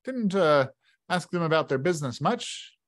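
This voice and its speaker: A folksy innkeeper drawls out dark local gossip in a rustic way, as a man puts him on. His voice sits higher than the narrator's own and stays fairly steady in level. He stops now and then to think in the middle of a sentence. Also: normal speed, close to an everyday voice. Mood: gossipy, grim. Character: folksy older male tavern keeper.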